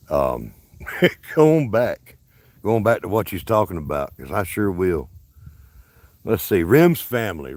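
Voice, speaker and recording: A low-sitting, slightly mellow voice with no echo comes from a Southern-accented man from Alabama. He hosts a casual park livestream, folksy and rambling, interrupting himself as he goes.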